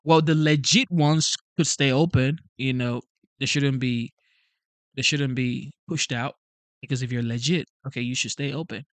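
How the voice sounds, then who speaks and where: A man hosting a live stream, talking in an animated, repetitive way, asking rhetorical questions and reading out chat messages. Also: medium pitch, moderate pace, no echo. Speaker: channel host.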